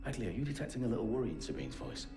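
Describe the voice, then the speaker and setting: A man's voice: medium pitch, big pitch swings, very fast, over music, natural voice. An actor playing a blunt, terse male resistance operative in a video game.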